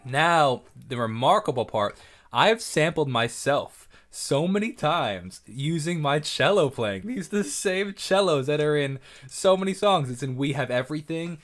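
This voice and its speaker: Excited man breaking down his track. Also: on the high side. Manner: excitable, talks fast in bursts, corrects himself mid-sentence. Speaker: music producer. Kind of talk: casual track-by-track production breakdown. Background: faint music from his session playback.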